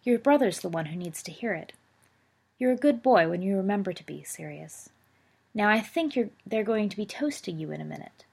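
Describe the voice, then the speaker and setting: Gentle storybook uncle, quiet, read by a woman, gravelly tone. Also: medium pitch, expressive, a little fast. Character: gentle, kindly middle-aged uncle.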